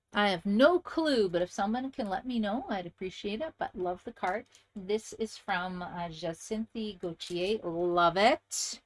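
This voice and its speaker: A woman hosting a crafting channel, chatting casually and enthusiastically to viewers as she shows handmade card samples. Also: medium pitch.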